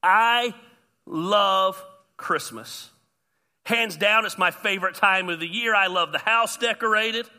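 High bright-voiced pastor preaching. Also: male voice. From US South. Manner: animated, self-deprecating humor. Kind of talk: sermon.

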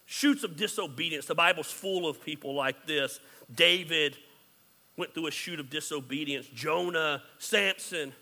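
Pastor, male, high sharp voice; candid and jokey, loud then hushed, hall reverb. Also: measured pace. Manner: candid, joking, swings between loud and hushed. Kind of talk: sermon.

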